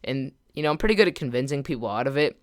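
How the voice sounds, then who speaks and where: A man's voice: medium pitch, animated, rapid-fire. A man, a gaming vlogger, telling a story to camera in a rambling way, full of "like" fillers and restarts.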